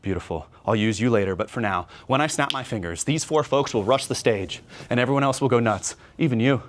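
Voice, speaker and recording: A man talking to a room of fellow magicians at a convention workshop, energetic and conversational, often checking in with "right?" and slipping into a stage patter to demonstrate. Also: mid-range voice, brisk. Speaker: magician giving a workshop talk.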